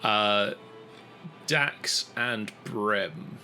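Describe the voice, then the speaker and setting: A man narrating a tabletop game as game master, unhurried and gently amused. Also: on the low side, creaky, soft background music, poor audio.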